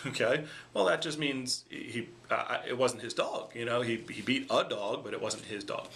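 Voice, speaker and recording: A man's voice: mid-range voice, expressive, a little fast, creaky, fairly bright tone, slight background noise. A man talking casually to camera and arguing his point step by step, checking in with "okay?" and "right?" as he goes. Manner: explaining, repeats "okay?" for emphasis. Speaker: vlogger. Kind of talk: casual argumentative monologue.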